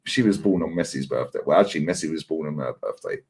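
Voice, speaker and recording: A very deep, breathy-edged male voice moves fast as a man in his 40s, a regular guest on a fan livestream, shares stories in casual chat. He is animated, swears freely, and plays out other people's dialogue.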